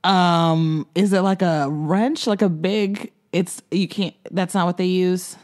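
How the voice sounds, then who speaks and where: A woman's voice: lowish voice, fairly even intonation, takes it slowly, a little mellow. A woman co-hosting a podcast in casual chat, curious and asking naive questions. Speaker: podcast co-host.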